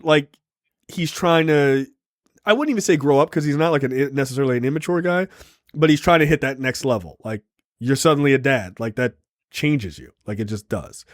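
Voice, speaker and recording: A man's voice: on the high side, normal speed, dry recording, clean studio sound. A man co-hosting a podcast, casually recapping a film with lots of fillers and playful acted quotes. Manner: animated retelling with many fillers and acted quotes. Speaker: podcast co-host. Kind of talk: casual film review chat.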